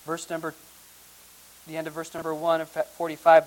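A male preacher with a high voice teaches through a Bible passage verse by verse. He reads the old formal scripture wording aloud, then explains it. His delivery swings dramatically, dropping to hushed, intimate tones and then climbing back to loud, emphatic high points. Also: monotone, normal speed, long pauses, low-quality recording.

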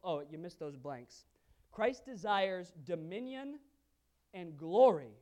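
A male pastor with a slightly high voice preaches a sermon, asking the audience questions. He swings from quiet asides to loud emphasis.

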